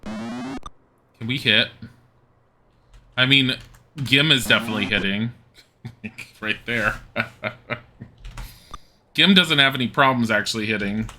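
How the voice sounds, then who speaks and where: A man's voice: medium pitch, very animated, takes it slowly, vocal fry, long pauses, sharp tone, slight background noise. A man streaming a game live, giving wry, casual commentary that swears now and then and reads menu choices aloud.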